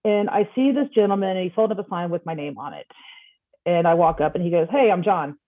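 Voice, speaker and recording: A woman guest on a podcast, telling a personal story in a casual, animated way and acting out the dialogue. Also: on the low side, fast, no room sound. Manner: animated, acts out quoted dialogue. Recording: tinny phone-like line.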